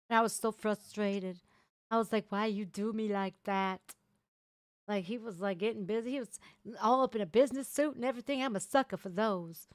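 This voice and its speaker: A woman hosting a casual livestream, chatting loudly and crudely with her viewers. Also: medium pitch, no room sound, studio quality. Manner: loud, bubbly, crude banter with viewers. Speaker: livestream host.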